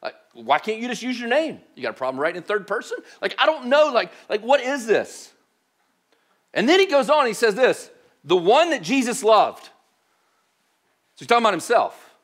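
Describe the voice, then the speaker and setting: Male pastor, high voice, chatty sermon, playful and full of filler words. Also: normal speed. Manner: animated, joking, heavy use of "like". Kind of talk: casual conversational sermon.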